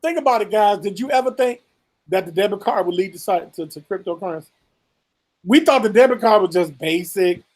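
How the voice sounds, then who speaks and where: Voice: mid-range voice, expressive, fairly quick, darkish tone. A co-host in a casual commentary chat, swearing freely, mocking and acting out what others say, then lecturing and warning the listeners.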